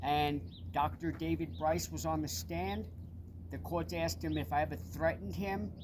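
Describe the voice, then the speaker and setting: A man's voice: fairly high pitch, steady tone, a little slow. Aggrieved man with a Long Island accent. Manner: urgent, aggrieved, insistent. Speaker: person making a public complaint. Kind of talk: direct-to-camera personal appeal. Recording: noisy with vehicle sounds behind.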